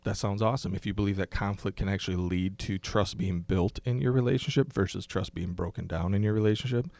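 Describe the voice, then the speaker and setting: Low-voiced man, thoughtful pastor guest. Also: quick pace, vocal fry, darkish tone, dry recording. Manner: thoughtful, explanatory, with frequent ums and restarts. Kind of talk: casual podcast conversation.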